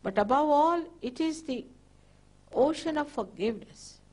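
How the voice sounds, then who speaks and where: An older woman, a spiritual teacher, slowly guiding listeners through a meditation with gentle, repeated instructions. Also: high-pitched, expressive.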